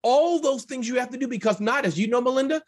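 A man answering as a business guest in casual interview chat, energetic, emphatic and joking. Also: extremely high pitch, fast. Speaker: guest, entrepreneur.

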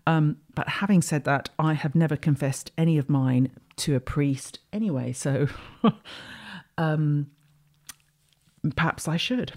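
A woman with a low, slightly mellow voice speaks slowly and pauses often. She hosts an astrology podcast, musing in a rambling, reflective way and restarting her thoughts many times in a casual spiritual monologue.

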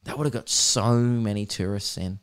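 Smooth-voiced Australian man rambling jokily. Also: on the low side, fairly even intonation, normal speed. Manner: rambling, joking, swearing freely. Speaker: podcast host. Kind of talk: casual comedic chat.

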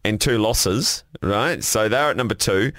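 A man's voice: lowish voice, a little slow, fairly bright tone, dry recording, clean studio sound. A middle-aged man with a New Zealand accent, co-hosting a radio show in casual, laid-back sports banter that he peppers with swearing. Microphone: studio mic.

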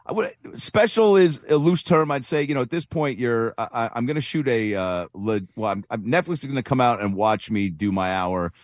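A man's voice: medium pitch, no room sound, studio quality. A man on a radio talk show, a comedian chatting casually in a rambling way, with lots of fillers. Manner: rambling, laughs often, does quick voices. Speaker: comedian guest.

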